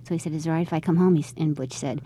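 A woman's voice: low-pitched, rapid-fire, dark tone, breathy edge. A middle-aged woman telling a family story in an interview, acting out what people said along the way. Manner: conversational, re-enacts quoted dialogue. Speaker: interviewee, mother.

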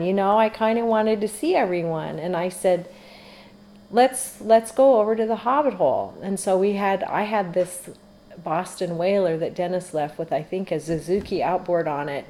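A woman's voice: lowish voice, darkish tone. Chatty woman telling an old story. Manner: chatty, rambling, laughs often. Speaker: interviewee. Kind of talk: casual storytelling.

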